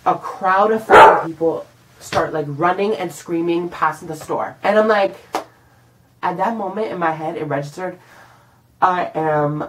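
A young man vlogging a casual storytime monologue, animated and profane, acting out what he said in the moment. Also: high voice, measured pace, very noisy. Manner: animated and profane, acts out his own lines.

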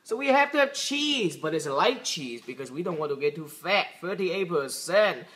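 A young man hosting a comedic vlog, ranting loudly and excitedly about his day. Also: fairly high pitch, normal speed. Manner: loud, excitable comic ranting. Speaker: vlogger.

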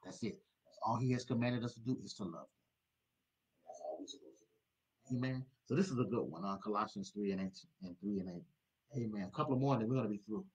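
A man leading a study, preaching in a repetitive, exhorting style that swings between loud urging and quiet prayer. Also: fairly low pitch, fast, breathy edge, poor audio. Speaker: Bible study teacher.

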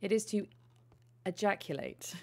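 A woman's voice: medium pitch, unhurried, vocal fry. A woman giving casual gameplay commentary as a streamer, profane, playful and chatty.

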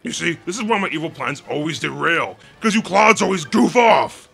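A man voicing a gruff, bossy turtle king villain from a video game, sarcastic and blustering, over faint game music. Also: fairly high pitch, expressive, normal speed, sharp tone, heavily acted.

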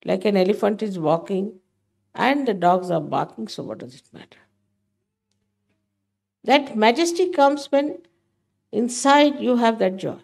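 A woman's voice: fairly high pitch, animated, moderate pace, creaky, darkish tone. An older woman giving a spiritual talk to her followers, emphatic and motherly, often scolding. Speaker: spiritual teacher.

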